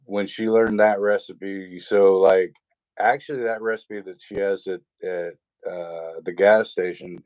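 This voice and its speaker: A man's voice: low voice, fairly even intonation, unhurried, darkish tone, no echo. A man, hosting a casual livestream chat over a video call, rambling with fillers and restarts. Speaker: stream host.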